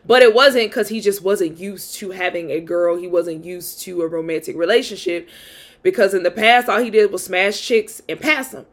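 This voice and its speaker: A woman's voice: medium pitch, normal speed. Young woman host, candid storytime monologue, chatty with fillers. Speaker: podcast host.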